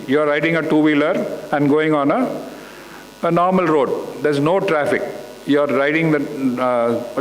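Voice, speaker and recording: A man giving an interactive talk to students, asking them questions again and again. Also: on the high side. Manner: asks the audience questions again and again. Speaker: guest speaker at a school talk. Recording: echoey hall with faint hum.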